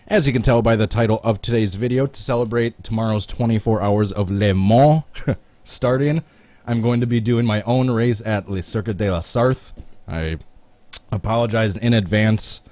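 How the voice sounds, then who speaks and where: A man with a low voice and a Midwestern American accent, hosting a casual gaming live stream. He keeps up a chatty flow and greets his viewers one by one by name. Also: moderate pace, a little mellow, dry recording.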